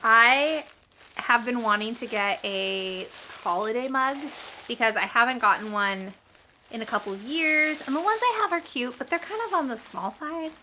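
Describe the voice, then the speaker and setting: A woman's voice: on the high side, normal speed, pushed and bright, slight background noise. A woman chatting casually in a reading vlog, rambling and chatty, often breaking off mid-thought. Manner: rambling, chatty, self-interrupting. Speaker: reading vlogger; teacher. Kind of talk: casual chat.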